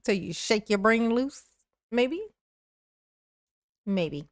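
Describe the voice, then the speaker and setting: A woman's voice: a little high, animated, slow pace, no echo, studio quality. A woman streaming live commentary, mocking the clips she plays, laughing often and answering her viewers' chat. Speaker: streamer reacting to court clips. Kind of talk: livestream commentary.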